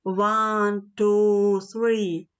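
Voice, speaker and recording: A woman's voice: high-pitched, very animated, slow pace, highs cut off, voice pushed up, full character voice. A woman voicing a sensible young boy in a storybook, earnest and explaining.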